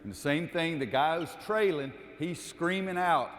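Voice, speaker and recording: A man's voice: a little high, animated, moderate pace, fairly bright tone. A man running a basketball coaching clinic, calling out cues during drills and explaining the defense to the audience. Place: gym. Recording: echoey gym with long reverb.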